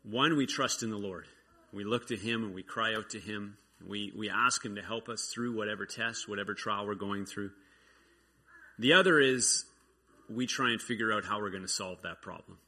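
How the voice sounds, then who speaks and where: A man's voice: fairly low pitch, moderate pace, bright, forceful tone, slightly rough. A man giving an informal testimony at a church meeting, telling an everyday story earnestly and often restarting his sentences. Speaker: church member sharing a testimony.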